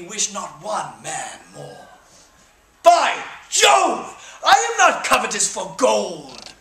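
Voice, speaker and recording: A man's voice: high voice, pitched below the performer's own voice, exaggerated voice. A man acting a rousing young warrior king. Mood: defiant. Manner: declaims Shakespearean verse, swinging from shouts to whispers. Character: young English king rallying outnumbered troops. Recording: echoey hall from far off.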